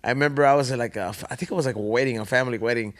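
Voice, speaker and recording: A man co-hosting a podcast, chatting casually in fast, profane slang. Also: medium pitch. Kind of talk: casual chat.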